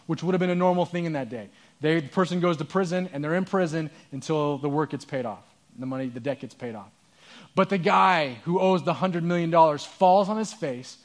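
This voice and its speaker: A man's voice: a little high, brisk. Earnest man preaching a sermon. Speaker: pastor.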